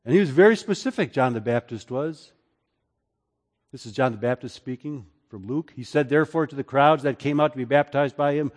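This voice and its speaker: A man preaching a sermon as pastor, moving between loud, emphatic lines and quiet, low passages. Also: fairly quick. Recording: long hall reverb.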